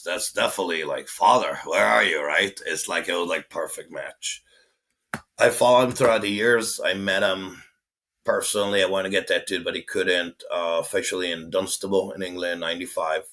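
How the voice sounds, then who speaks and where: Guy in his forties, low punchy voice, lively storyteller who swears and acts out quotes. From Israel. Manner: animated, swearing, acting out quotes. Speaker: guest, tattoo artist. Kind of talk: casual storytelling.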